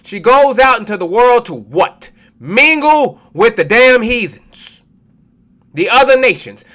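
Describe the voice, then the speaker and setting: High-pitched fiery male preacher. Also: pushed and bright. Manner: preachy, profane, calls out listeners as family. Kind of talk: fiery street sermon.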